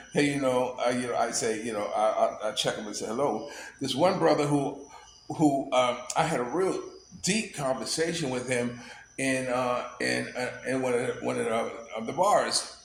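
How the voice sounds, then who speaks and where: A man's voice: medium pitch, vocal fry. A man vlogging in a loose, rambling storytelling style, laughing often and filling his talk with "you know.". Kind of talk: casual storytelling monologue. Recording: echoey room, faint background noise.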